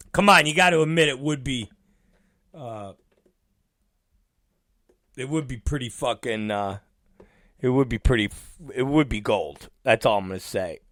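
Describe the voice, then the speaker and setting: A man's voice: mid-range voice, a little slow, pauses often, fairly bright tone. A male show host rambling profanely in a casual podcast rant.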